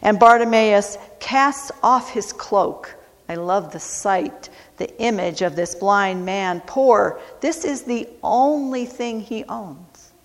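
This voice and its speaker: A woman preacher delivering a sermon at a very unhurried pace, lingering over each phrase. She repeats key words for emphasis, and her voice trails off into a long hall reverb. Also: mid-range voice.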